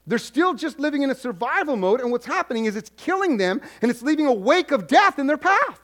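A man's voice: very high-pitched, very animated, a little fast, a bit bright. A male pastor preaching a sermon, repeating his points for emphasis and slipping into the voices of the people he counsels. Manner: acts out congregants' voices in quoted asides.

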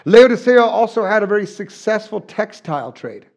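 A man's voice: high-pitched, big pitch swings, moderate pace, darkish tone. A middle-aged man from southern New Mexico preaching a conversational sermon, folksy and joking, with frequent restarts. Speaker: pastor.

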